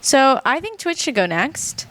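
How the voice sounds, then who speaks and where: A woman's voice: high voice, very animated, measured pace, fairly bright tone. A woman playing a board game on a stream, relaying viewer chat in a chatty, playful way with hesitant fillers. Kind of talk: casual tabletop game chat.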